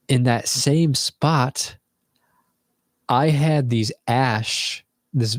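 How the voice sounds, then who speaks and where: A man's voice: mid-range voice, dry recording, studio quality. A young man telling a rambling, casual story to viewers from his bedroom, swearing freely as he goes. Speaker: vlogger.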